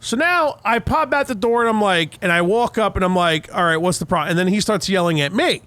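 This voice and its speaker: A young man co-hosting a podcast, telling a profane, animated story in casual chat. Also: high-pitched, a little fast, no echo. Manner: profane, animated retelling with heated quoted outbursts. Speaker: podcast co-host.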